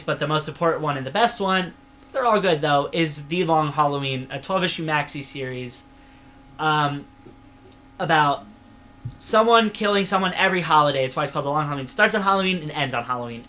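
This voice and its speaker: A man's voice: fairly high pitch, fairly quick, sharp tone. A man co-hosting a casual podcast chat, talking with eager enthusiasm and rambling through fillers and restarts. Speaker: podcast co-host. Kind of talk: casual chat about comics.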